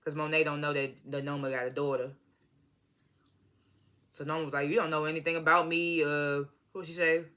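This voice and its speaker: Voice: mid-range voice, flat delivery, a little fast, long pauses, bright, forceful tone, clean tone. A vlogger recapping a TV episode in a casual, slangy, profane way, rambling and apologizing often. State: irritated by background noise.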